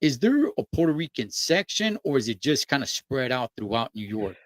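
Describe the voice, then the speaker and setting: A man's voice: medium pitch, sing-song, moderate pace, dry recording. A man hosting a casual talk, laid-back and curious, with slang. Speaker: host. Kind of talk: casual conversation.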